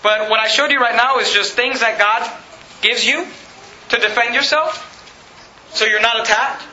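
A man's voice: very high voice, moderate pace, bright, forceful tone, reverberant, dull audio, slight background noise. A man pastor preaching a sermon, asking the congregation rhetorical questions and building emphasis. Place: church sanctuary.

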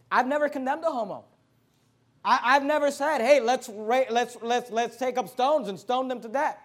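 Very high-voiced fervent male preacher. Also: moderate pace. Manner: fervent, emphatic, swings between quiet and loud. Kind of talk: sermon with scripture reading.

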